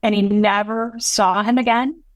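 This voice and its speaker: A woman in her thirties, a podcast guest, telling an emotional personal story in an earnest, halting way, with many restarts and quoted dialogue. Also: mid-range voice, steady tone, no room sound.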